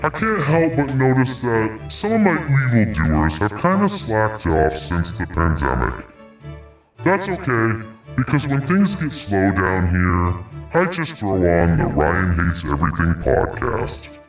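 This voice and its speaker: Satan in a comedy ad spot, smug and salesy, played by a man. His low voice swings widely up and down as he pitches. It sounds echoey and far from the mic. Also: big pitch swings, measured pace, soft background music. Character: boastful male Satan pitching a podcast ad. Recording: echoey room, from a distance.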